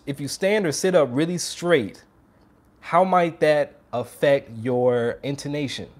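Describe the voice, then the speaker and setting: A man's voice: medium pitch, darkish tone. Upbeat man teaching trumpet. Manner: upbeat, demonstrates by putting on strained voices. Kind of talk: casual video lesson.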